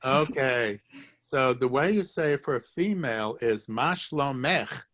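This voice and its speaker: A man's voice: medium pitch, lively intonation, measured pace, a bit bright. A man teaching a live online language lesson, joking, encouraging and repeating phrases for his students. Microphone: video call.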